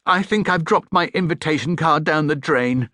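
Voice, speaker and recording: A man voicing a small, polite, earnest young male bear in an audiobook, speaking high and eagerly, quick to indignation. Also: bright, forceful tone, dry recording, clean studio sound.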